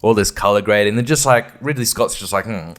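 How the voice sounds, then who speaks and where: A man's voice: on the low side, fast talker, a bit bright. A man hosting a podcast, ranting casually and profanely in an exasperated way. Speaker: podcast host.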